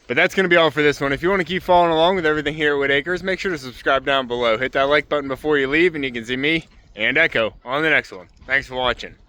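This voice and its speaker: A man's voice: on the high side, sharp tone, smooth. Homesteader man calling his ducks. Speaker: homesteader and channel host. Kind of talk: casual vlog narration. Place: outdoors on a farm.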